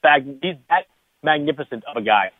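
A man talks through a tinny phone line as a radio guest, somewhat high for a man. His speech rambles, full of restarts and fillers, and the sound is dry. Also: lively intonation, normal speed, no echo. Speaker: guest analyst. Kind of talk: phone-in radio sports analysis.

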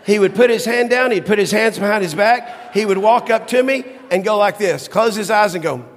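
A middle-aged man preaching a sermon and telling a personal story, shifting from soft low asides to high, excited exclamations. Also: a little fast. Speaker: pastor. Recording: long hall reverb.

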